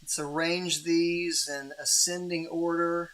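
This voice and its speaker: Bright-voiced man hosting casually. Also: a little high, little pitch movement, takes it slowly. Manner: rambling, friendly, many restarts and fillers. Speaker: host of a livestream Bible reading. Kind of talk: casual livestream hosting and Bible overview.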